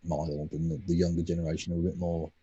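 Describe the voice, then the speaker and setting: A British man co-hosting a casual political chat, sardonic and sweary, with quick asides. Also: low voice, level tone, mellow, breathy edge, no room sound, dull audio. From United Kingdom. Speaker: podcast co-host.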